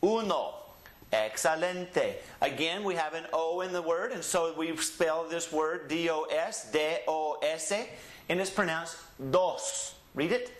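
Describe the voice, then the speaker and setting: Teaching a classroom-style Spanish lesson, a man with a Southeast Texas accent enunciates slowly, drawing out each word and having learners repeat after him in call-and-repeat drills. His voice is fairly high-pitched and reverberant.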